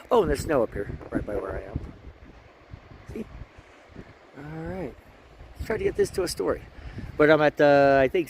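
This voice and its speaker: A man's voice: a little high, a little mellow, a little hiss or hum. A man vlogging outdoors at a mountain campsite while hiking, chatty and rambling, a little tired, talking into a handheld camera. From Alaska. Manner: chatty, rambling, self-interrupting. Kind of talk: casual vlog narration.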